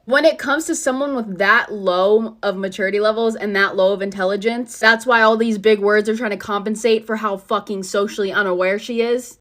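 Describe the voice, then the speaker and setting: Woman, 20s, high-pitched, blunt, sarcastic storytime ranter. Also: a bit bright. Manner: blunt, profane, sarcastic ranting. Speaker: storytime creator. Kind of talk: storytime rant to camera.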